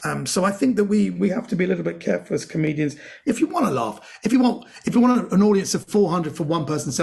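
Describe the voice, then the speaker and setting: Gravelly animated male comedian. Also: high-pitched, quick pace, hardly any pauses. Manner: animated anecdotes with quoted voices. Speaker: comedian guest. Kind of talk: podcast interview storytelling.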